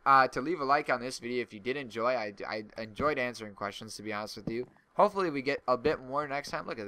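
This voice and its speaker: A man's voice: mid-range voice, bright, forceful tone, a little hiss or hum. A young man and server owner talking casually over a gaming video, rambling and getting heated as he rants. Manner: rambling, gets heated and ranty.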